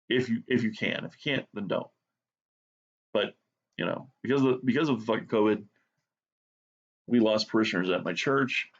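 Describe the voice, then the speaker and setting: A man's voice: mid-range voice, husky, dull audio. Profane ranting man in his forties. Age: 40s. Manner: sarcastic, heavy swearing, rambling. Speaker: drawing video host.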